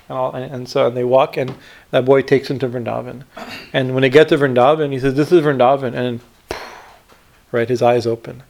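Male swami teacher, gravelly mid-pitched voice, halting storytelling with fillers. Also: a little mellow. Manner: halting, many fillers and repeated "right?". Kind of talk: spiritual discourse retelling a story.

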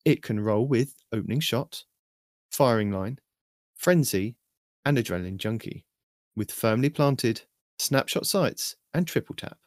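Man reading a steady game update. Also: lowish voice, no room sound, clean studio sound. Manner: steady, even list-reading delivery. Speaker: host of a weekly game update. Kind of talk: scripted game news rundown.

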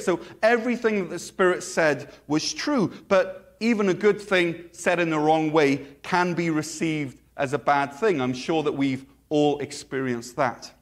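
A man preaching a sermon in a relaxed, joking, conversational way with playful asides. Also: on the high side, unhurried. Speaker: pastor.

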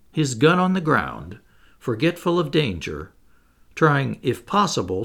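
A man reading a classic novel aloud as an audiobook narrator, in a measured storytelling manner. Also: medium pitch, creaky, fairly bright tone. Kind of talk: scripted narration.

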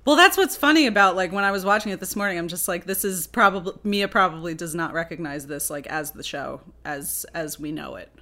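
Woman, bright voice with a swinging pitch, chatty co-host. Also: expressive, brisk, hardly any pauses. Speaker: podcast co-host. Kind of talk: casual chat.

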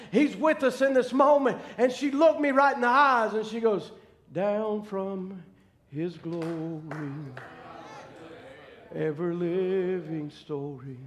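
A male preacher with a strikingly high voice delivers a sermon woven with personal testimony. He stumbles and repeats himself while telling the story, then rises into fervent, shouted preaching. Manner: halting, repeating words while recounting.

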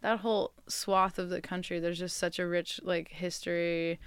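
A woman musician chatting in an interview, her voice smooth and very clear. She tells animated stories, laughs often, and sounds close to the mic in a dry space. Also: on the low side, moderate pace, no room sound. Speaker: musician guest. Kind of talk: casual interview chat.

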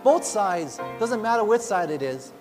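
A man's voice: high-pitched, lively intonation, measured pace. A man preaching a sermon, telling his own story in an earnest, heartfelt way that rises into pleading. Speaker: pastor. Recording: long reverb, faint music behind.

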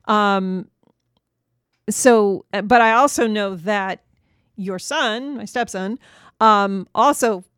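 A woman's voice: mid-range voice, takes it slowly, pauses often, a bit bright, smooth, no echo. Chatty middle-aged woman, dry close mic. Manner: chatty, hedging with "you know". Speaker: podcast co-host. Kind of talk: casual podcast chat.

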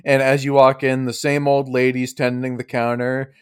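A man's voice: mid-range voice, little pitch movement, moderate pace, smooth. A man in a casual, jokey manner, running a tabletop game as game master. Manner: jokey, laughs often.

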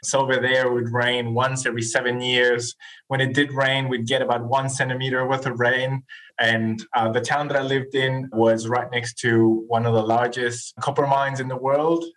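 A man of about forty from Chile, speaking English, guests on a podcast. He tells his story in a relaxed, animated way and slips into voices when he quotes people. His pitch is mid-range. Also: normal speed, rough recording. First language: Spanish. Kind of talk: casual interview storytelling.

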